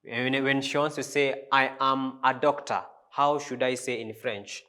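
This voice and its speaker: Man, French teacher, slow deliberate delivery, bright tense tone, repeats phrases. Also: mid-range voice, steady tone. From Africa. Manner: slow, repeats words, spells out French pronunciation. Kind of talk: language lesson.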